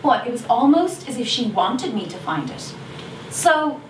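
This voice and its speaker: A chatty, confessional Irish teenage schoolgirl, acted by a woman in a stage monologue, her voice pitched high. She slips into gossipy asides with a sheepish yet defiant air. The sound comes from a distant mic in an echoey room over a noisy video call. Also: sing-song, measured pace. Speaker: stage actor performing a monologue. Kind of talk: theatrical monologue.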